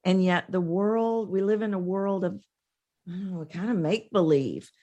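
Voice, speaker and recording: A woman's voice: medium pitch, normal speed, mellow, muffled recording. A woman voice coach speaking emphatically as a guest in an interview.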